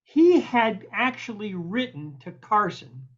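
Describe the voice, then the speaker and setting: A middle-aged man hosting an interview, telling stories in a lively, profane, colloquial way. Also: high-pitched, takes it slowly, muffled recording. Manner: animated, profane, colloquial storyteller. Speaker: podcast host. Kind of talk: storytelling interview chat.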